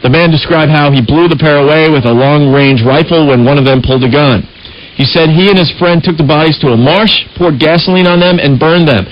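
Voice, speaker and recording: A man's voice: a little high, a little fast, lo-fi sound. A male radio talk show host bantering with his co-host and reading a news article aloud with his own asides.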